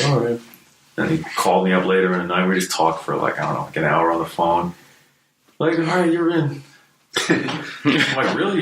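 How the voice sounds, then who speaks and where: A man's voice: sits low, a bit bright. A man being interviewed about his music past, talking in a loose, laid-back way with lots of fillers and swearing. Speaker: guest, hardcore musician. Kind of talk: casual storytelling interview. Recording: roomy echo, faint noise.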